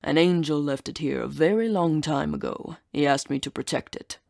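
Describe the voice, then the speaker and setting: Woman voicing a slow growling ox-bodied temple guardian. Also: low-pitched, gravelly, darkish tone, dry recording, clean studio sound. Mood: solemn. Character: ancient male ox-bodied winged temple guardian, menacing.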